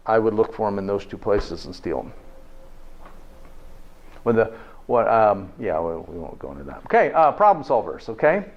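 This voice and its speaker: A man's voice: on the low side, big pitch swings, moderate pace, pauses often. Folksy man lecturing, dull lo-fi sound. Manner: folksy, peppers points with "okay?" and rhetorical questions. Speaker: health presenter. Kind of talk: live lecture to an audience. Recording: dull lo-fi recording.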